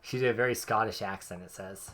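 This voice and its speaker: A young man commenting casually on his game, joking and thinking out loud. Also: on the low side, quick pace, a crowd in the background. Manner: joking, chatty, thinks aloud. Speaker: streamer.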